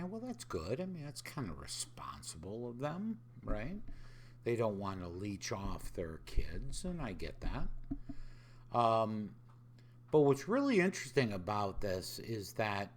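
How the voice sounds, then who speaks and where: A man's voice: fairly low pitch, a bit bright, slight background noise. A man hosting a podcast, talking in a casual reflective way, often asking rhetorical questions and voicing other people's lines in dialogue. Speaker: podcast host.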